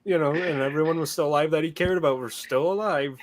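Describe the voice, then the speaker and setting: A man's voice: fairly high pitch, fast talker. Blunt, casual male podcast co-host. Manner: blunt, swears freely. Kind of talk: casual chat.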